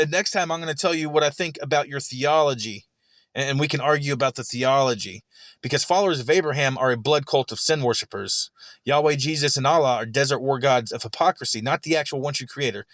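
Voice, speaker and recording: With a medium-pitched, slightly bright voice and a fairly quick delivery, a streamer lets loose with heated, swear-heavy commentary on a recorded argument, often stammering and repeating words. The sound is clean and studio-like, with no echo.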